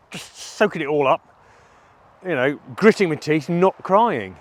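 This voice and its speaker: A middle-aged man speaking in a personal vlog monologue, candid and self-reflective with a halting delivery. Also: on the high side, animated. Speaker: vlogger.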